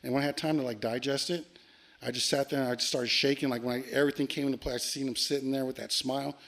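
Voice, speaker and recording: A man telling a long ghost story on a podcast, animated and profane, acting out the lines he quotes. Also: medium pitch, quick pace, gravelly. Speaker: podcast guest. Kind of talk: casual storytelling.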